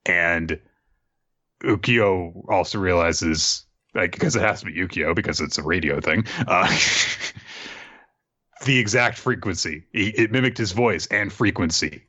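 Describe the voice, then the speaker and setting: Deep-voiced young man recapping a comic. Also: unhurried, pushed and bright, slightly rough. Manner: casual, swears, fillers. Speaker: podcast host. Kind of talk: casual recap chat. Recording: slightly dull, dry sound.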